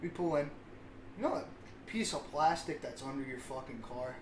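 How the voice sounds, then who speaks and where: A man's voice: mid-range voice, animated, moderate pace. A man, co-hosting a podcast and telling rambling, self-mocking stories full of swearing. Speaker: podcast co-host. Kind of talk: casual storytelling. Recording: roomy sound with faint hiss.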